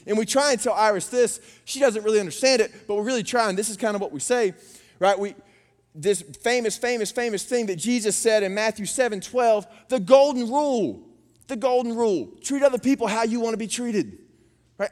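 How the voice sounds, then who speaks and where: High-voiced pastor preaching. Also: male voice, a little fast. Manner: animated storytelling, acting out his daughters' voices. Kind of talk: sermon. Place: church auditorium. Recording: long reverb of a church hall.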